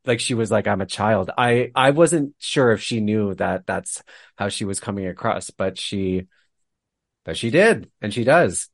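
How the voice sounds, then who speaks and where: A man co-hosting a podcast, discussing a book in a thoughtful, hesitant way with frequent pauses. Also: fairly low pitch, animated, vocal fry, no room sound, studio quality. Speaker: podcast co-host.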